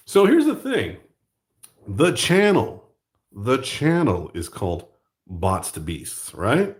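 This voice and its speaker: Rambling, jokey man with a lively voice. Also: mid-range voice, slow pace. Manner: rambling, jokey, self-mocking. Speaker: channel host. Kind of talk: casual chat while drawing.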